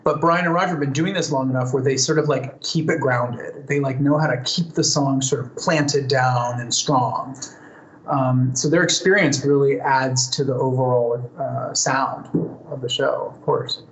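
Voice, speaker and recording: A man's voice: medium pitch, fairly even intonation, normal speed. A man answering fan questions in a casual live Q&A, chatty and thoughtful, with plenty of fillers and restarts. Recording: roomy echo, faint ambience.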